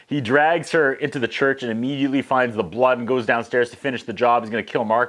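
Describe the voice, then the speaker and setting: A man hosting a one-take movie recap in a loose, casual way. He mixes in sarcastic, profane jokes and puts on quick voices for the characters. His pitch sits right in the middle for a man. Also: fairly bright tone. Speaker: host.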